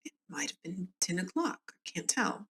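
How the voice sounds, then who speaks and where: Southern woman reading an old neighbor lady's inquest answers, polite, plain, lowish voice. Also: sing-song, normal speed, a bit bright. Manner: plain read-aloud testimony, polite. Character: older woman neighbor giving inquest testimony.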